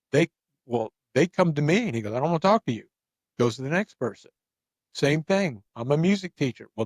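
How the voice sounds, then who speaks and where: A man's voice: medium pitch, no room sound. A man hosting a casual chat, telling a long anecdote with lots of restarts and repeated words. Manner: rambling, animated, repeats words when starting sentences. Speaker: podcast host.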